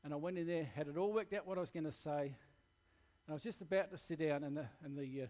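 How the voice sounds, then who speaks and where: This Australian preacher tells his congregation about his own life with candor and earnest feeling. He speaks plainly and directly, a little fast, in a voice slightly higher than typical for a man. His tone is a little mellow.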